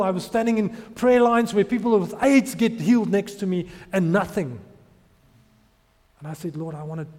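A man's voice: a little high, warm tone. A man in his thirties preaching a sermon, telling his testimony with emotional, rising emphasis. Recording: long hall reverb.

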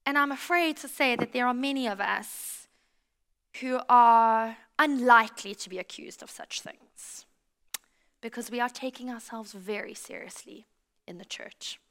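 South african lady preaching, high voice, lively stories, talks right to the crowd. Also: measured pace, clean tone. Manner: lively storytelling, addresses the congregation directly. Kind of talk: sermon.

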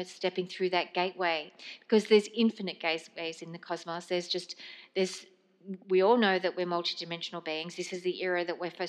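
A woman hosting a spiritual podcast, speaking slowly and gently in a meandering monologue full of fillers. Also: on the low side. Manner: slow, meandering, gentle delivery with many fillers. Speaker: podcast host.

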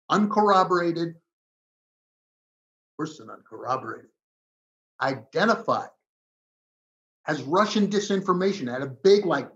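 A man making his case insistently in a heated political debate, leaning on dramatic pauses. His pitch rises and falls in wide swings. The recording sounds slightly dull. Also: a bit bright. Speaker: guest commentator.

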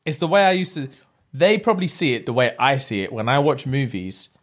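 A man's voice: medium pitch, brisk. A young man, telling stories in a casual chat, slangy and swearing freely. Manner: animated storytelling, swears, slangy.

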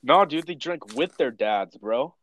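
A man's voice: mid-range voice, animated, a little slow, a bit bright. A young man chatting casually, telling rambling stories full of slang and swearing. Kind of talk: casual chat.

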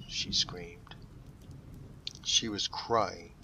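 A man narrating an original audiobook in a slow, deliberate dramatic reading style. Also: deep voice, steady tone, bright, forceful tone, recorded from a distance, a little hiss or hum, poor audio.

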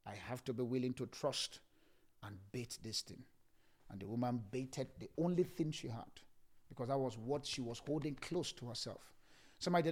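Preaching at medium pitch, this man is a pastor whose sermon repeats phrases and shifts between soft whispers and loud shouting.

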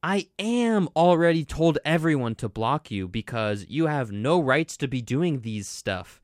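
A man's voice: a little high, expressive, dry recording, clean studio sound. A man voicing a furious, devoted fan who scolds in broken English. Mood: outraged. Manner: indignant, rapid scolding.

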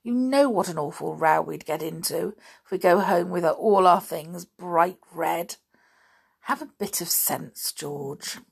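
A woman's voice: fairly low pitch, measured pace, creaky, breathy edge, full character voice. A woman reading the part of a sensible, teasing teenage boy. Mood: scolding. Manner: bossy, teasing.

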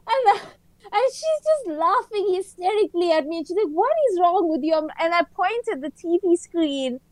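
A woman co-hosting a casual podcast chat, telling a story in an excitable, dramatic way. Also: extremely high pitch, moderate pace, no room sound. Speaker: podcast co-host.

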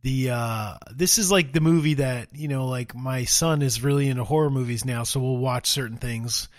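A man's voice: medium pitch, moderate pace, no echo, studio quality. A middle-aged man co-hosting a podcast, easygoing and agreeable in casual horror movie chat. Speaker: podcast co-host.

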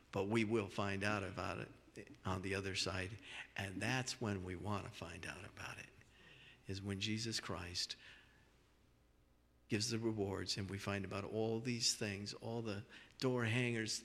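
Low-voiced pastor guy preaching, repeats himself a lot, big echoey church hall. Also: fairly even intonation, unhurried, fairly bright tone. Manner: earnest, repeats words and restarts phrases. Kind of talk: sermon. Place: church sanctuary. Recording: long reverb of a large church hall.

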